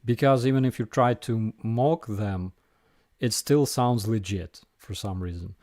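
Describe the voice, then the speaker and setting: A man's voice: fairly low pitch, a little slow, darkish tone, no room sound, clean studio sound. A man with a Ukrainian accent hosting a casual live viewer Q&A, hesitant with many fillers and restarts.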